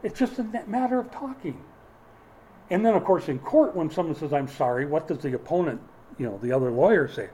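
Male pastor, sermon delivery, emphatic with dry wit, voice sits a touch high. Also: expressive, brisk, dark tone, rough recording. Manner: emphatic preaching with dry humorous asides.

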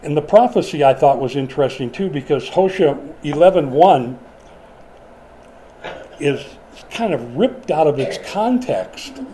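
A man's voice: fairly high pitch, expressive, a little slow, mellow, slight background noise, poor audio. A middle-aged man preaching a sermon in a conversational way, asking the congregation questions as he goes. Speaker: pastor.

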